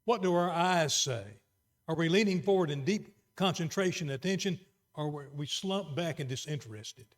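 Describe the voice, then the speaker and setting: A middle-aged man preaching a sermon, moving between quiet, earnest emphasis and raised exhortation. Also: a little high, expressive, normal speed.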